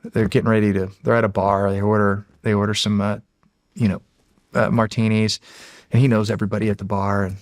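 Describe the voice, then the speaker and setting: A middle-aged American who once served as a Navy SEAL tells stories as a podcast guest, speaking casually and animatedly and acting out the voices. His lowish voice shows little pitch movement and moves a little fast, in a clean, echo-free studio recording.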